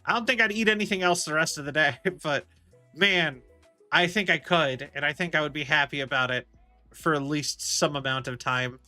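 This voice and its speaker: A man's voice: on the high side, normal speed, bright, forceful tone. Man, streamer, casual rambling chat, laughs a lot, faint music behind. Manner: rambling, chatty, laughs often, many restarts. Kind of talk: casual chat while gaming.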